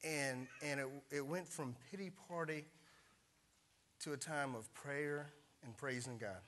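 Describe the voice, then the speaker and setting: A middle-aged man preaching to his congregation, his voice a little high and very bright. He talks in a loose, chatty storytelling way, turning to the listeners with questions. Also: unhurried, a little hiss or hum. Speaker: pastor. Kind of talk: sermon.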